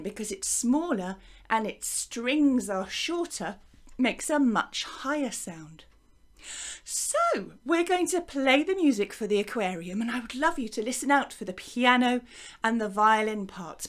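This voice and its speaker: A woman with an English accent teaching young children a music and movement lesson to camera, gentle and encouraging, chanting along with the actions. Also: fairly high pitch. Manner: gentle, encouraging, sing-song counting and chanting. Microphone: wearing a microphone.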